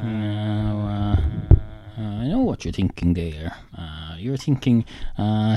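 A man giving a rambling comic monologue, deadpan and halting, with many "uh" fillers. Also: on the low side, no room sound. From Ireland.

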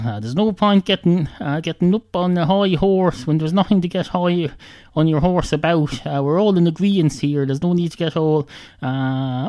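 A man giving a rambling comic monologue, deadpan and halting, with many "uh" fillers. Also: fairly high pitch, dry recording. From Ireland.

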